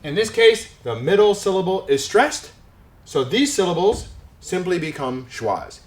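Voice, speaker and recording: A man teaching English pronunciation, native speaker, demonstrating words slowly and with clear, exaggerated stress. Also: high-pitched, very animated, echoey room. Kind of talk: pronunciation lesson.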